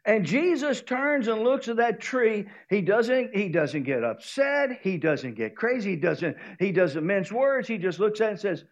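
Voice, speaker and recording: A male pastor with a Southern US accent preaching with a high, lively voice. He tells the story with animated energy and acts out the voices of its characters. The recording sounds dull and lo-fi. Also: unhurried, few pauses. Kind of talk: sermon.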